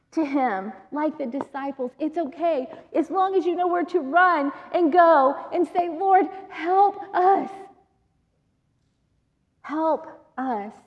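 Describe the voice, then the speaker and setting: High-voiced woman preaching in a hall. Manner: conversational, emphatic, laughs often. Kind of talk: sermon with Bible reading. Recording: long reverb, dull sound.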